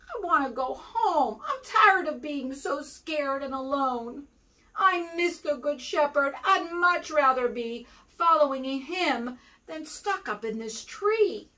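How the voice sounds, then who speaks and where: A small, scared, lonely lamb from a rhyming storybook, played by a woman reading to children. He sounds plaintive and soft in a high, slow voice. The mic is slightly distant. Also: lively intonation, full character voice. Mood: sad.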